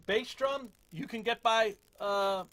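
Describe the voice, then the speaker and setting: A man giving a casual drum lesson, relaxed and self-deprecating, with lots of fillers. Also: high-pitched, slow pace. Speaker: drum teacher. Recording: loud drums between talk.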